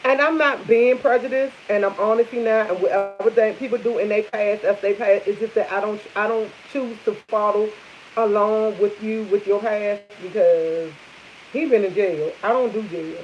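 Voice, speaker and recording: A woman's voice: mid-range voice, fairly even intonation, normal speed. Rambling woman chatting over coffee. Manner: chatty and rambling, repeats herself. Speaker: vlogger chatting with live viewers. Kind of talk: casual morning coffee chat. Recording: dull lo-fi sound with faint hiss.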